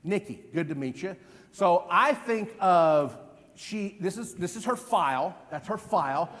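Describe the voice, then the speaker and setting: A man in his fifties giving an energetic live stage demonstration as a memory trainer, quizzing the audience with repeated questions. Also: high voice, measured pace. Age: 50s. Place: large event hall. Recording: long hall reverb.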